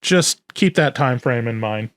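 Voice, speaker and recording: A man's voice: medium pitch, lively intonation, unhurried, no echo. A man co-hosting a podcast, chatting loosely with lots of fillers and jokes. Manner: loose, filler-heavy, joking. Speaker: podcast co-host. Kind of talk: casual podcast chat.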